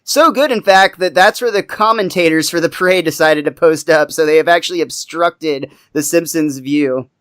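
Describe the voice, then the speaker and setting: A man's voice: a little high, moderate pace, hardly any pauses, a bit bright, clear, resonant tone. A man co-hosting a podcast, casually recapping a cartoon episode and laughing often. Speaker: podcast co-host.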